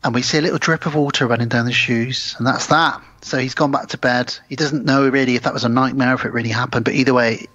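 A man co-hosting a casual film podcast, retelling film scenes with lively character voices. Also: medium pitch, fast, few pauses, dry recording. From United Kingdom. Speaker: podcast co-host. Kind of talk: casual film-review chat. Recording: slightly dull, dry podcast audio.

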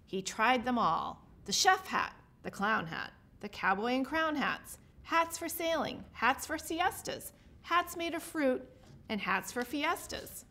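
A woman who is a state representative, reading a children's picture book aloud with lively expression. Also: high voice, takes it slowly. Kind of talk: children's story read-aloud.

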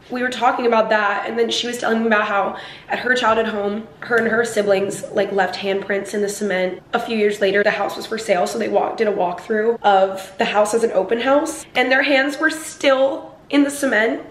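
Talking to camera in a loose, chatty vlog, this New Jersey woman in her twenties rambles and leans heavily on "like." Her voice sits on the high side, fairly quick, with fairly even intonation.

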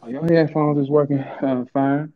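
A man hosting a heated live audio chat, profane, taunting and boastful, swinging from low mutters to high outbursts. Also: steady tone, normal speed. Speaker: host of an online audio room. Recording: tinny phone-line audio.

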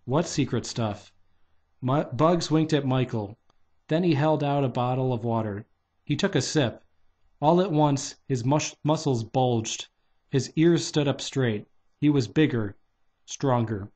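A man's voice: medium pitch, measured pace, a little mellow. A man reading a children's novelization aloud in a loose, unpolished way, stopping to redo lines. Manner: loose, unpolished delivery with restarts and "take two" retakes. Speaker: reader.

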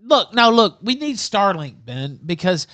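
Male streamer host, boastful and crude, a bit high-pitched and very animated. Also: measured pace, a crowd in the background. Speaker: livestream host. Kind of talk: casual livestream chat.

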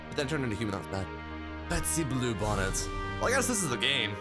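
A man hosting a let's play, reading game text aloud in an excitable, flustered way as he comments on the gameplay. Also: medium pitch, fast talker. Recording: game music playing behind.

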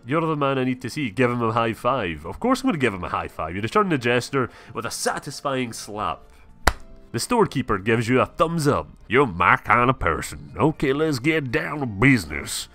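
A man's voice: fairly low pitch, fairly bright tone. A man giving gameplay commentary, reading game text aloud, swearing and laughing. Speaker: gameplay streamer. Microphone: webcam mic.

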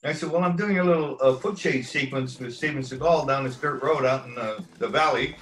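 A man's voice: medium pitch, fairly quick, a bit bright, echoey room, low-quality recording. A man in an interview telling a long story at an easygoing ramble, acting out what people said. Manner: rambling anecdotal delivery, acts out quoted lines. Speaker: stunt coordinator, interview guest.

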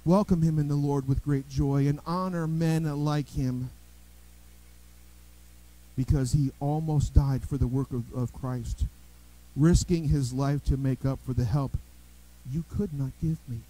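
A male pastor preaching a sermon in a church, telling everyday stories with lively emphasis and frequent restarts. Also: medium pitch, unhurried, rough recording. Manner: animated storytelling preacher, repeats and restarts words. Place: church sanctuary.

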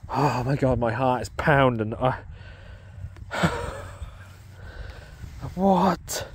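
A man's voice: medium pitch, expressive, drawn-out words, slightly rough. Breathless English man thrilled in a field. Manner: breathless, exclaiming, laughing in disbelief. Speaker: metal detecting vlogger. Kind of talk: excited field vlog commentary. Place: outdoors in a farm field. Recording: faint outdoor background noise.

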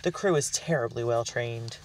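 A man voicing a gentle urgent young steward. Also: mid-range voice, normal speed, slight background noise, lightly acted. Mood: reassuring. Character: young male ship steward, kind and urgent. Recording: dry, distant mic.

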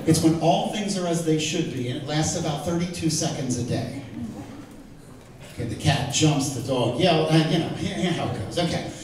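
A middle-aged man teaching the Bible to a live audience, animated and joking, asking the crowd questions. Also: fairly high pitch. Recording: echoey hall, mic far off, faint noise.

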